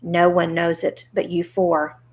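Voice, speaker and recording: A woman's voice: on the low side, monotone, measured pace, darkish tone, lightly acted. A woman voicing a timid little old man who has posed as a great wizard, speaking meekly and shakily. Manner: trembling, meek.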